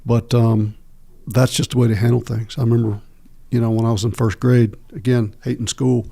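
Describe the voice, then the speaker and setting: Gravelly middle-aged man, halting. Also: medium pitch, little pitch movement, warm tone. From Texas. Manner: halting, many filler pauses and restarts. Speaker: podcast guest. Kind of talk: candid interview storytelling.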